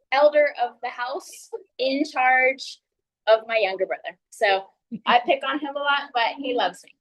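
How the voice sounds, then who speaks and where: A woman's voice: high-pitched, fairly bright tone, rough recording. A young woman with a Texan accent giving a friendly, earnest ice-breaker speech at a public speaking club. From San Antonio, Texas. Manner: friendly, earnest, laughs between points. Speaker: Toastmasters speaker.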